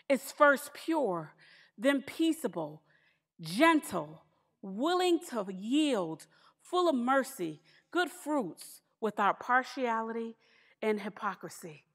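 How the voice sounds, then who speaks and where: A woman preaching a sermon in a church, lively and humorous, with emphatic asides. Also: a little high, big-room sound.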